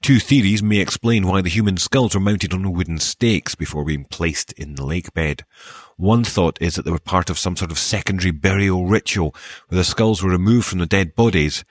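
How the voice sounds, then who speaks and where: A man with a soft Scottish accent hosting a show, reading archaeology news and dedications with wry, dry joking asides. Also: low voice, normal speed, no room sound. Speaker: podcast host.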